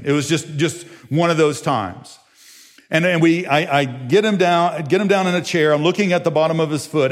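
A man preaching a sermon as pastor, telling a family story, his voice climbing in excited stretches and falling to soft, near-whispered ones. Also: mid-range voice. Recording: long hall reverb.

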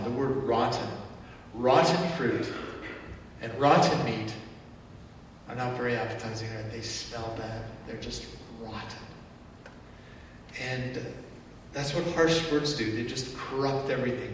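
A male pastor preaching a sermon in a church, animated and conversational, acting out angry outbursts as he speaks. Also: mid-range voice, a little hiss or hum. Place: church sanctuary. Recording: echoey church hall from far off.

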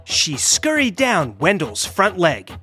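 A woman reads a children's storybook aloud at a slow, unhurried pace. Her voice swoops widely up and down as she narrates with great expression. Soft music plays faintly behind her. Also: lowish voice. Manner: animated, expressive read-aloud.

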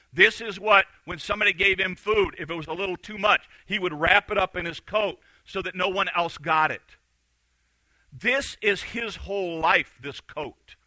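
A man preaching a sermon, telling a story with animated delivery and acting out the voices of the people in it. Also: sits high, no room sound, poor audio. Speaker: pastor.

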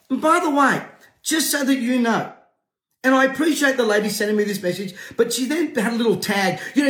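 Forceful man preaching with roomy echo. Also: extremely high pitch, animated, a little fast. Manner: forceful, combative, rising to shouts with jovial laughs. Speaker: pastor. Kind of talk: impassioned preaching to camera.

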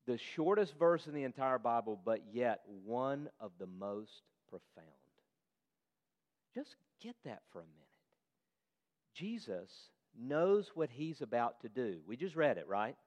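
A man's voice: medium pitch, big pitch swings, a little slow, a little mellow. A man preaching a sermon in an earnest voice, asking his listeners questions as he explains the passage. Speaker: pastor. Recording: long hall reverb.

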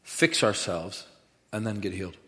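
A man's voice: lowish voice, lively intonation, normal speed, a bit bright. Male preacher in an echoey hall. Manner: emphatic, leads the congregation in call-and-response. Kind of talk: sermon. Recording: echoey hall with long reverb.

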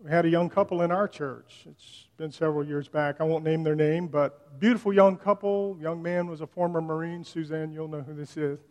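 Pastor, man, high voice, casual sermon delivery, long church-hall reverb. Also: steady tone, moderate pace, hardly any pauses, a little mellow. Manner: conversational, retells scripture in plain slang.

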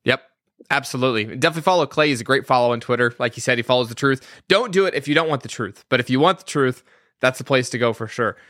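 A male talk-show host with a bright, forward voice at a mid pitch. He is relaxed and agreeable as he steers the chat. The sound is close and dry. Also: quick pace, no echo. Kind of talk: casual talk-show hosting.

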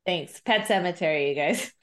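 A woman co-hosting a podcast in casual chat, talkative and quick to laugh, with lots of "like" fillers. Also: lowish voice, fairly bright tone. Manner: chatty, laughs often, many "like" fillers. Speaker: podcast co-host discussing a TV episode.

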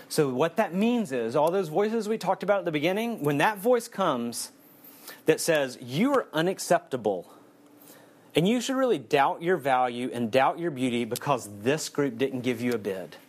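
A man preaches in an easy, conversational way, joking with the listeners as he goes. His voice sits at a middle pitch. He builds his points on a repeated refrain. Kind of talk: sermon.

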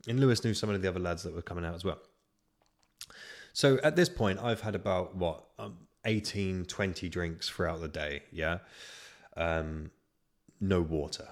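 A man's voice: deep voice, normal speed. A young man hosting a solo podcast, telling crude anecdotes with lots of swearing and laughter. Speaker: podcast host. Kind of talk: casual solo podcast chat.

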